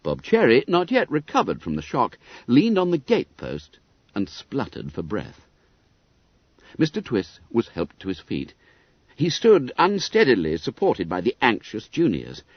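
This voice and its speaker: A male narrator reads an audiobook with lively, expressive storytelling. His pitch ranges very widely, and his voice is a little husky. The recording is dry and dull. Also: a little slow, no echo. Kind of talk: scripted narration.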